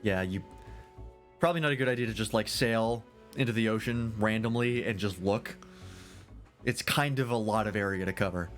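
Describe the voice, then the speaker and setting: A man with a fairly low voice chats casually over his gameplay, dropping wry, joking asides between story scenes. Faint music plays behind him. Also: moderate pace, fairly bright tone. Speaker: streamer.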